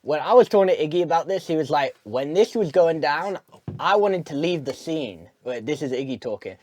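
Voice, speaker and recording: A man's voice: on the high side, expressive, brisk, darkish tone, a little hiss or hum. Blunt man, jiu-jitsu coach. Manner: blunt, opinionated. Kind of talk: casual chat.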